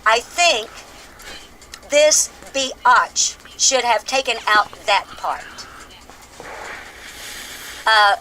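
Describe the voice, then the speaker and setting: A woman's voice: fairly high pitch, extremely slow, long pauses, sharp tone, a little hiss or hum. An older woman delivering a brash, profane, sarcastic rant in a vlog aimed at a troll. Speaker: video creator answering a troll. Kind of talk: ranting vlog monologue.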